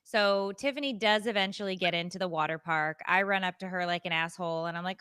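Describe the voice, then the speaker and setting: A woman co-hosting a podcast, retelling a story in a casual, animated, self-mocking way. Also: lowish voice, fast talker, few pauses, clean tone. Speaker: podcast co-host.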